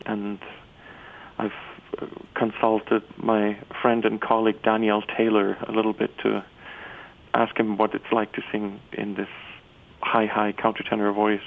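A man who is an opera baritone, giving reflective interview answers with frequent restarts and fillers. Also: completely flat delivery, a little slow, creaky. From Canada. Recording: tinny phone-like radio sound.

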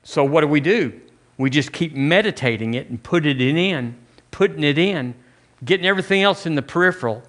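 A pastor delivering a sermon in a relaxed, talky manner. His voice sits a bit higher than most men's, and he often stumbles and restarts mid-phrase as he preaches. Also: fairly quick. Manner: conversational preaching with repeated restarts.

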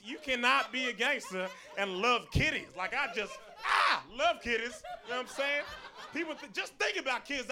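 A young man doing a stand-up comedy set, telling self-mocking stories with lots of asides to the crowd. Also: sits high.

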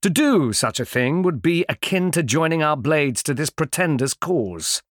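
A man's voice: on the high side, animated, moderate pace, dry recording, clean studio sound, voice pushed up. A man voicing a proud, stern male noble who rides a dragon, speaking formally and commandingly in an audiobook. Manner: commanding, formal, speaks of himself in third person. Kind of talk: audiobook character voice.

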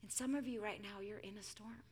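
A woman in her thirties preaching a sermon, dramatic, dropping to a hushed near-whisper for emphasis. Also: mid-range voice, steady tone, a little fast, husky.

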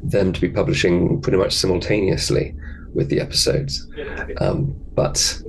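A man's voice: low-pitched, little pitch movement, moderate pace, a little hiss or hum, rough recording. A man, a book editor, answering interview questions hesitantly with many ums.

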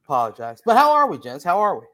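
A man's voice: high voice, wildly swooping pitch, quick pace, bright, forceful tone. A man with a New Jersey accent hosting a casual sports podcast, upbeat and playful, working in sponsor plugs. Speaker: podcast host.

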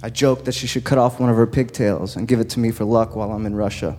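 A man telling a personal story live on stage, slow and deliberate with dramatic pauses. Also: mid-range voice, fairly even intonation. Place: stage before a live audience. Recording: long reverb in a live hall, soft guitar behind.

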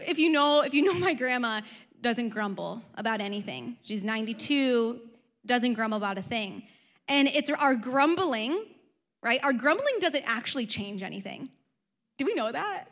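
A young adult woman pastor preaching a sermon, conversational and animated, with frequent rhetorical questions. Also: on the high side, normal speed. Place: church auditorium. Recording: long reverb of a large hall.

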